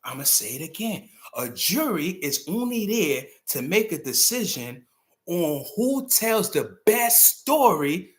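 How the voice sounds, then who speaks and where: A man giving a blunt, animated commentary monologue, emphatic and profane, at times rising to shouts. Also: sits high. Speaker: host.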